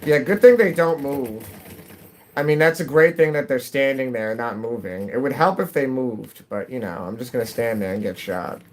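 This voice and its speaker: A man's voice: medium pitch, moderate pace, slight background noise. Rambling middle-aged man streaming a game. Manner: rambling, self-interrupting, chatty. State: slightly stuffy nose. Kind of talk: casual chat while gaming. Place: at home.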